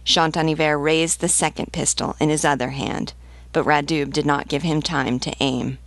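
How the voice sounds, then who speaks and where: A woman teacher reading a novel aloud in a measured, steady way. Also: low voice, no room sound.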